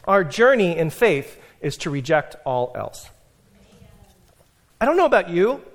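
A male pastor preaches with a notably high voice. He talks like a lecturer telling a story, chatty and animated, with quick asides. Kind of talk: sermon.

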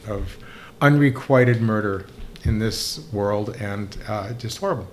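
An older man, a rabbi co-hosting a podcast, speaking reflectively and haltingly, often repeating words as he thinks. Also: fairly low pitch, slight background noise. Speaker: rabbi and co-host. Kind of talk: conversational podcast discussion.

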